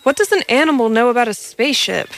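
A woman's voice: on the high side, sing-song, quick pace, a bit bright. A woman voicing a callous male alien hunter who talks dismissively and with contempt.

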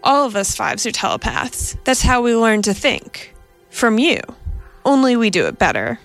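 A woman reading the lines of a polite, smug male android who calmly lectures. Faint music plays behind her. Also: fairly high pitch, moderate pace. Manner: calm, polite, reasoning tone.

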